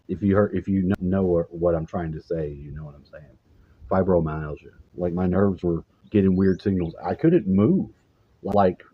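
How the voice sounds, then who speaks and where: A man vlogging in a casual, meandering monologue who swears freely and loses his train of thought. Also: sits low. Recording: slightly dull lo-fi recording with faint hiss.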